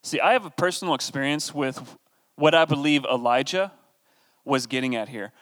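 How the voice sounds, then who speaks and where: A man's voice: on the high side, in a large hall. A man giving a conversational Bible teaching, reading scripture aloud and adding casual asides. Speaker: preacher.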